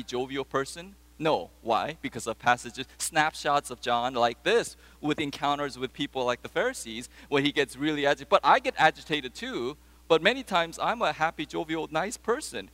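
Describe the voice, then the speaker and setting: Here a pastor preaches, sharing stories and asking his congregation questions. The voice is fairly high and a bit bright, with a big-room sound.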